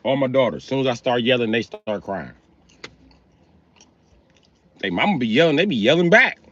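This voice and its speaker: A middle-aged man rants on a livestream at normal speed, his medium-pitched voice animated. The tirade is crude, blunt, heated and funny, full of profanity, heard through a slightly dull lo-fi mic.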